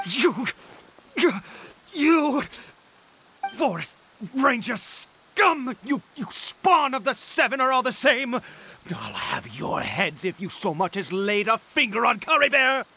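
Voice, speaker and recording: A man's voice: sits high, very animated, unhurried, long pauses, a bit bright, slight background noise, exaggerated voice. A frantic, stammering father. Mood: furious. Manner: agitated, stammering outbursts. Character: frantic protective man hunting his lost son. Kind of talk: game voice acting.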